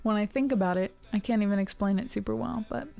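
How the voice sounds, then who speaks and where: This Ohio music streamer, a woman in her twenties with a neutral General American accent, rambles casually to her live stream viewers, drifting into tangents and filler words. Her mid-range voice is fast and dark, with vocal fry. Soft music plays in the background.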